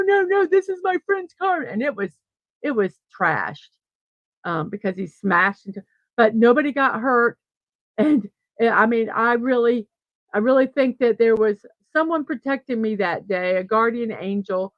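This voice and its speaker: A middle-aged woman running a daily morning livestream chats with viewers, reads their comments, and tells a rambling, animated story full of restarts and laughs. Her voice sits in the mid range. The audio is dull, with no room sound.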